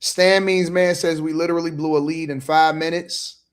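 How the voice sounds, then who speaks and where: A man's voice: a little high, fairly even intonation, normal speed. A man hosting a casual panel show, reading out viewer comments in a slangy, joking way. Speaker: podcast host reading chat.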